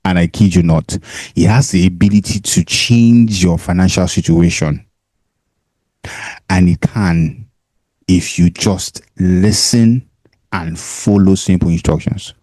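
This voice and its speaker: A Nigerian man with a low, mellow voice talks straight to the viewer, laughing easily and repeating himself to drive points home. He speaks into a handheld mic, and the sound is close and dry. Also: no room sound. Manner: chatty, laughs often, repeats himself for emphasis. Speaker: host. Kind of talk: casual pitch to camera.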